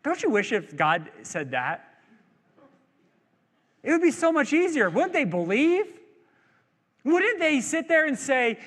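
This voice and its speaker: A man's voice: very high-pitched, very animated, takes it slowly, pauses often, a bit bright, big-room sound. A male pastor preaching a sermon in a church, in a conversational, joking way that asks the crowd questions. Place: church sanctuary.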